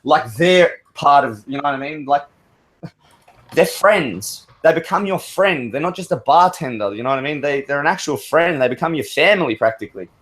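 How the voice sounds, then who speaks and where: A man on an open-mic hangout call, talking in a loose, rambling way with plenty of swearing. His voice sits slightly high for a man, and he keeps his stories going without a pause. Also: expressive, a bit bright. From Australia. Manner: rambling, profane storytelling. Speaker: caller. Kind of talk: casual open-mic chat.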